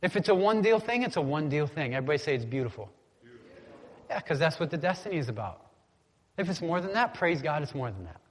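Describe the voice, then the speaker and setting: A man with a fairly high voice preaches in an easy, conversational way, now and then calling on the congregation to repeat a word after him. His voice trails off into the long reverb of a large hall. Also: sing-song, fast. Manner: casual, conversational preaching with call-and-response prompts. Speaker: pastor. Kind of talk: sermon.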